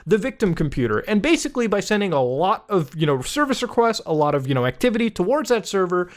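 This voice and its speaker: An energetic male YouTuber explaining tech topics in a casual, chatty commentary. His voice sits high for a man, and he keeps checking in with the viewer with a quick "okay?". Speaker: YouTube host.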